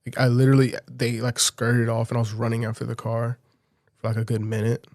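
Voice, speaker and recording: A man's voice: mid-range voice, fairly quick, no room sound. Man telling a story in a dry voice. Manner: animated, laughs often while telling a story. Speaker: podcast guest. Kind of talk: casual storytelling.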